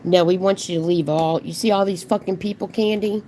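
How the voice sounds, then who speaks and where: A woman's voice: on the low side, fairly even intonation, a little fast, dark tone, slight background noise. A woman hosting a live reaction stream, mocking and swearing back at a clip while greeting her chat. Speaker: commentary streamer host.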